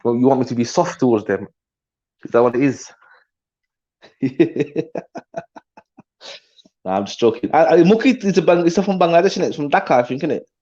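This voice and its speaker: A man's voice: fairly high pitch, lively intonation, very fast, warm tone. Slangy man, dull lo-fi audio. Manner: slangy, rambling, trails off. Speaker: live stream host. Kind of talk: casual live chat.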